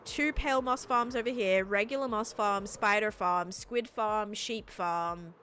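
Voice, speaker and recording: A woman's voice: medium pitch, a little slow, fairly bright tone, slight background noise. A young woman with an Australian accent chatting casually on a live stream, reading and answering chat while building in a game.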